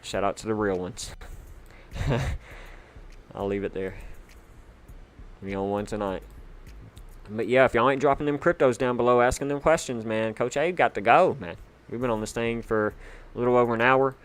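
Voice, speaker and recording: A man hosting a casual livestream, chatty and excitable, with lots of fillers, shout-outs and sudden bursts of hype. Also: mid-range voice, a little fast. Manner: hyped, chatty, full of fillers. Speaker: livestream host.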